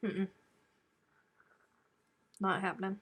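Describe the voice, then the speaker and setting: Southern woman hosting a crochet live chat, chatty storyteller, mid-pitched, easygoing. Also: slow, husky. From American South. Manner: chatty storytelling, animated when telling stories. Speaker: crochet live stream host. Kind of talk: casual live chat with viewers.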